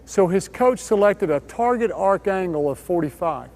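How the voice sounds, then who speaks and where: A man with a notably high speaking voice narrates an instructional training video. His delivery is scripted and measured, walking through each point step by step. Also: expressive, a little mellow.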